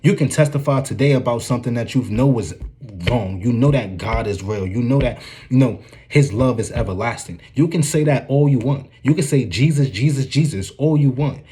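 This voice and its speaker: A man's voice: mid-range voice, brisk, mellow. A man giving an informal, earnest preaching commentary, often checking in with "you dig what I'm saying".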